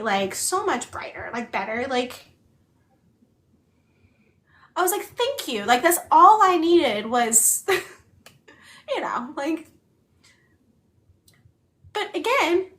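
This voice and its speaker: A woman's voice: high voice, a bit bright. A woman co-hosting a book club, chatting casually in a rambling way full of filler words while she also signs. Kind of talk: casual chat.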